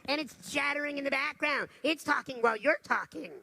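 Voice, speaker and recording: A man's voice: very high voice, a little fast, gravelly, pushed and bright. A man giving a motivational talk to a live audience, telling stories and putting questions to the crowd. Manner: storytelling, asks the audience questions. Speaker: motivational speaker.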